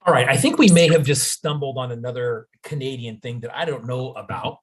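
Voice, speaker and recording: Husky middle-aged american dude hosting a podcast, easygoing chat. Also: male voice, mid-range voice, brisk, few pauses. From United States. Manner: laid-back, says dude and man a lot. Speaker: podcast host. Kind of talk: casual chat.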